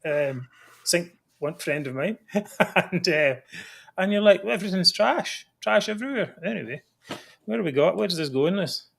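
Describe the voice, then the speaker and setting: A man runs a live political chat show in a fairly high voice. He talks in a chatty, sardonic way and drops mocking asides. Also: animated, unhurried, gravelly, pauses often. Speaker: host.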